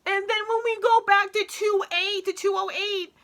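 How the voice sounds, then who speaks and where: In a very high voice at a moderate pace, a woman reacts to a show with excited, gushing commentary. She keeps it casual, swearing and cutting herself off mid-sentence.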